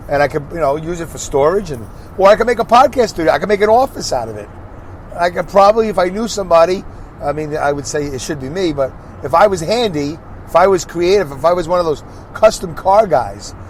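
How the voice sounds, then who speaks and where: Man in his 60s, podcast host, casual rambling talk, recorded in a moving car, fairly high pitch, faint road noise behind. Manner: rambling, joking, talks back to imagined critics. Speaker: podcast host and truck driver. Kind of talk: casual solo podcast while driving. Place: inside a car while driving.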